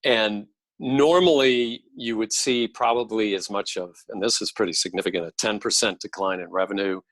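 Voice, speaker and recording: Measured, low-voiced man explaining policy. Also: fairly bright tone, no room sound, low-quality recording. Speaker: podcast guest, policy expert. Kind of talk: podcast interview.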